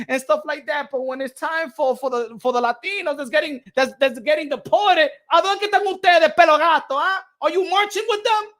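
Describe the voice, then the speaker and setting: A man hosting a boxing channel who rants in a loud, mocking and profane way, often shouting. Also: very high-pitched, a little fast, few pauses. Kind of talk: heated ranting commentary.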